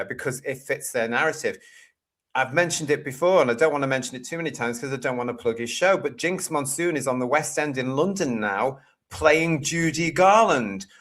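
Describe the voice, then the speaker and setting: A man's voice: medium pitch, fairly bright tone. A man from the UK hosting a casual live stream, reading out viewer comments with exasperated, sarcastic asides. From United Kingdom. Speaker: live-stream show host.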